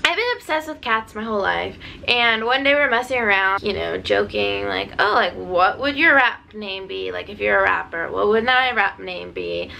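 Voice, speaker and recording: A woman's voice: medium pitch, lively intonation, moderate pace, creaky, hardly any pauses, pushed and bright, slight background noise, poor audio. A young woman rambling jokily through a casual Q&A vlog, full of fillers and asides. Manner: rambling, jokey, lots of fillers. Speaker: DJ and YouTuber.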